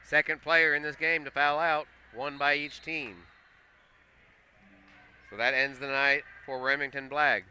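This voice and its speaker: A man calling a school basketball game play by play, getting excitable and loud on big plays. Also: a little high, measured pace, pauses often, a little hiss or hum. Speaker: play-by-play commentator. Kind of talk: live basketball commentary. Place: school gym.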